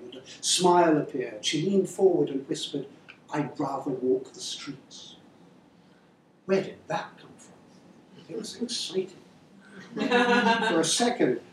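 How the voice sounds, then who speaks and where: A man reading his novel aloud in a measured, wry way, then answering interview questions. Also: fairly high pitch, a little hiss or hum. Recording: echoey room, far-off mic, faint ambience.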